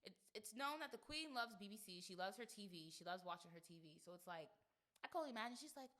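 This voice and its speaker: A woman in her twenties hosting a podcast, chatting casually in an animated, slangy way and swearing freely. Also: mid-range voice, fast talker. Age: 20s. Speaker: podcast host. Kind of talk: casual chat.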